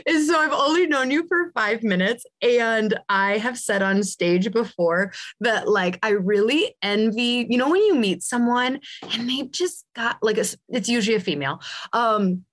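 A woman's voice: fairly high pitch, lively intonation, moderate pace. A woman from Southern California hosting a podcast interview, playful and self-deprecating, laughing easily. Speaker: podcast host. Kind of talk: casual interview chat.

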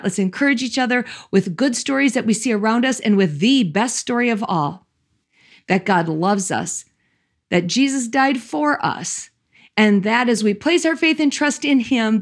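A woman's voice: a little high, animated, moderate pace. A woman in her fifties giving a chapel talk, chatty and self-deprecating, laughing often as she tells personal stories. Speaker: chapel speaker. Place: large hall. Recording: echoey hall with long reverb.

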